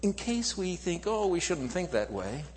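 Male preacher, unhurried delivery, long hall reverb, faint hum. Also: high voice, sing-song. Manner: slow, swells from quiet to loud emphatic calls. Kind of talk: sermon.

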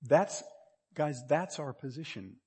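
A man preaching a sermon in a conversational way, repeating himself and building to loud, emphatic peaks. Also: fairly high pitch, expressive, slow pace, breathy edge. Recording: long reverb of a large hall.

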